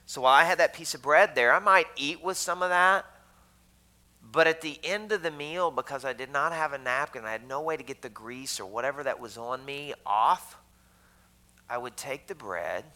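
A man delivers a sermon in a church sanctuary with a bright, forward voice. His tone is conversational and he drops joking asides to the congregation, turning to the crowd to keep them engaged. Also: mid-range voice, moderate pace, low-quality recording. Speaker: pastor.

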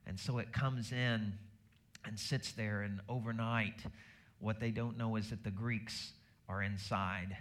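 A middle-aged male pastor preaching a sermon in a conversational way, rising in pitch and volume to make his points. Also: fairly even intonation, unhurried, a bit bright.

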